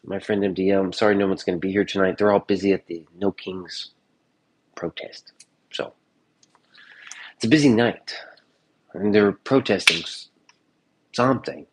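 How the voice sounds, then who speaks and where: Husky, laid-back man joking around. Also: on the low side. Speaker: streamer. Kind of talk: casual vlog chat. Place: home kitchen.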